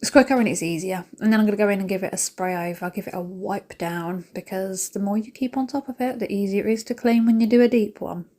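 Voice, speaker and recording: A woman's voice: mid-range voice, steady tone, quick pace, hardly any pauses, mellow. Chatty British woman vlogging while cleaning. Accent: British English. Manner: chatty, rambling, addresses viewers directly; emotional, self-mocking. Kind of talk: casual chat while cleaning.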